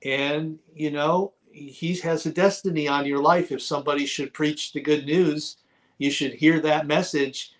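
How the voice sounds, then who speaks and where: A middle-aged man being interviewed as a guest author, telling his conversion story with fervor and sometimes shouting as he relives it. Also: a little high, fairly even intonation, measured pace. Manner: fervent storyteller, bursts into shouting when reliving moments. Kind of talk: testimony in a talk-show interview.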